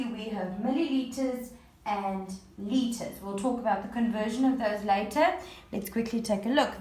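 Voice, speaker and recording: A woman primary school teacher recording a home-learning lesson, patiently explaining words one at a time and repeating them. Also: fairly high pitch. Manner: patient, repetitive word-by-word explaining. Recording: roomy echo.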